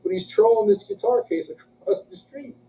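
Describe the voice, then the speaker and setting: A man, an interview guest, telling a story in a casual, animated, profane way and acting out what people said. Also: moderate pace, vocal fry. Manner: animated, profane, acts out quotes in a higher voice. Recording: tinny distant lo-fi recording with faint noise.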